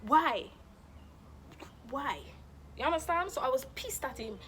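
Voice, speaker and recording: A young woman chats through a dramatic storytime, animated and expressive. Her voice sits a little high. A faint hiss lies under the recording. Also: fast. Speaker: vlogger. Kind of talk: casual storytime.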